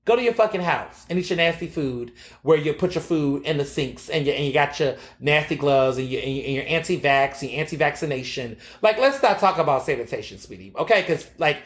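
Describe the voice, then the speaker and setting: Sassy, animated male podcast host. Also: a little high, fairly quick, few pauses, echoey room. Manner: sassy, animated storytelling with frequent fillers and profanity. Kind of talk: casual opinion monologue.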